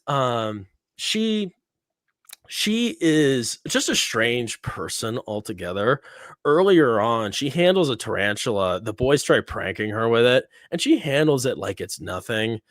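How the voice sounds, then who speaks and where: A man's voice: mid-range voice, a bit bright, no echo, clean studio sound. A young man casually recapping a TV episode, rambling with many fillers and little laughs. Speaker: host. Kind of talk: casual review chat.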